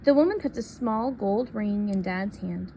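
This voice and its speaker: A woman reads a picture book aloud, soft and unhurried, at a middling pitch. A faint hiss of ambience sits under her voice. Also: lively intonation. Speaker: reader.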